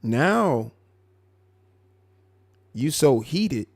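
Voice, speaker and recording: A man hosting a live stream, commenting on a clip in a mocking, animated way. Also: medium pitch, vocal fry, husky, no room sound, clean studio sound. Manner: mocking, animated, drawn-out asides. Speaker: live show host.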